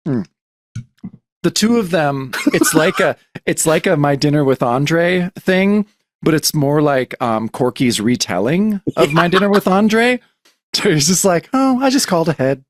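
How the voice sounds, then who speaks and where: Animated guy laughing through a comic recap. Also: a little high, unhurried. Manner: laughing, swearing, acting out comic dialogue. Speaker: podcast co-host. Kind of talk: casual chat reading comics aloud.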